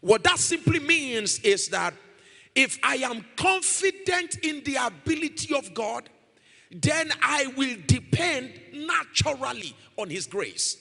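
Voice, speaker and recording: A man's voice: very high voice, sing-song, takes it slowly, gravelly, bright, forceful tone. A man pastor preaching a sermon in a church hall, emphatic and repetitive, rising now and then into sung-out phrases. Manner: emphatic, repeats key phrases, rises into sung-out lines. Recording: long hall reverb.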